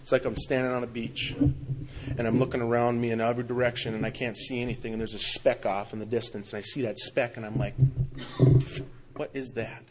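A man speaking at a recovery meeting, telling his own story with emphatic storytelling. His voice climbs to loud, urgent outbursts and sinks into low, quiet stretches. A faint noise runs under the recording. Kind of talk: personal recovery talk.

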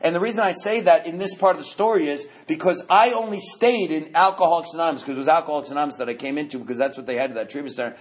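A man's voice: on the high side, very fast, hardly any pauses. New man telling his recovery story. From New York. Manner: animated, joking, repeats words as he restarts. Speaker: recovery meeting speaker. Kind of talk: storytelling talk at a recovery meeting.

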